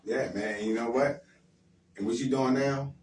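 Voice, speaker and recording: A man talking bluntly and warmly encouraging, repeating his points in a streetwise way. He sits off the microphone in a roomy space, with faint noise in the background. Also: medium pitch, fairly even intonation, measured pace. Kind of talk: casual radio talk. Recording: roomy sound from far off the mic with faint noise.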